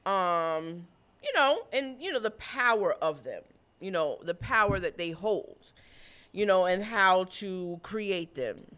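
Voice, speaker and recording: A woman in her thirties co-hosting a podcast, chatting casually with lots of slang. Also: fairly low pitch. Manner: animated, talks fast with slang and laughter. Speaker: podcast co-host. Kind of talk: casual chat.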